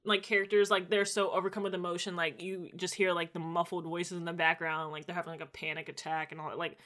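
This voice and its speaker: Bright-voiced woman recapping a show. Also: fairly low pitch, fast. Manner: expressive, acts out quotes, slangy. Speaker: podcast co-host. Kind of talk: casual chat recapping a TV episode.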